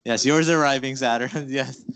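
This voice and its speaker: A man's voice: medium pitch, steady tone, normal speed, fairly bright tone, clean tone, no room sound. Upbeat man moderating a panel. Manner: upbeat, questions the audience, hesitant fillers.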